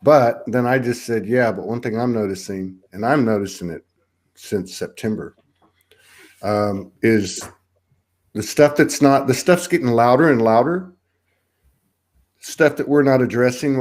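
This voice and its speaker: A man's voice: medium pitch, darkish tone. A man hosting a casual live online chat over a video call, talking in a rambling, reflective way with many restarts. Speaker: host.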